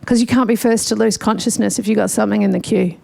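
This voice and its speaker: A woman's voice: medium pitch, fairly even intonation, fast, vocal fry, a little mellow. A woman doing a stand-up comedy set, chatty and self-mocking, often laughing at her own jokes. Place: livestreamed gig.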